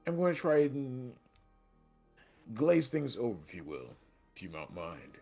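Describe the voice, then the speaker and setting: A man's voice: medium pitch, very animated, unhurried, vocal fry, darkish tone, faint music behind. A man playing a tabletop game, rambling and restarting, switching into his character's lines. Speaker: player. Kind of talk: casual tabletop role-play.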